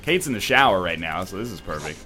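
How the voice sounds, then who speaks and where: A man's voice: low-pitched, big pitch swings, fast, bright, forceful tone. A man hosting a let's play, chatting casually at home with a wry, sarcastic banter while he plays. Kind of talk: casual chat over gameplay. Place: apartment.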